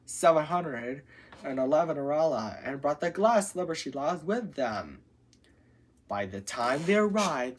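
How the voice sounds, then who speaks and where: A woman hosting her channel, reading a parody fairy tale aloud with lively storytelling, stumbling over long names. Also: sits low, unhurried.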